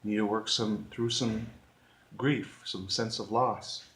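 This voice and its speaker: Earnest male vlogger, unhurried and emphatic, mid-pitched, roomy echo. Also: fairly even intonation, a bit bright. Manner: slow, earnest, with emphatic repetitions. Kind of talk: reflective talk to camera.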